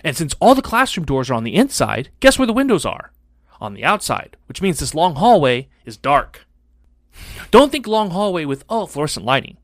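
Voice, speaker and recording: A middle-aged man on a podcast, telling a childhood story in a casual, animated, profane way and acting out the other people's lines. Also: a little high, normal speed, dry recording, clean studio sound. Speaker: podcast co-host.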